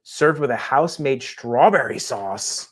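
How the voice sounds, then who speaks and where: A middle-aged man co-hosting a podcast in casual chat, reading menu items aloud with excitement. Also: medium pitch, measured pace. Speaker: podcast co-host.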